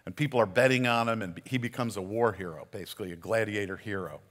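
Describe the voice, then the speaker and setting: Conversational pastor preaching in a reverberant hall. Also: male voice, on the low side, quick pace, fairly bright tone. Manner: conversational storytelling with frequent restarts. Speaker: community pastor. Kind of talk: sermon.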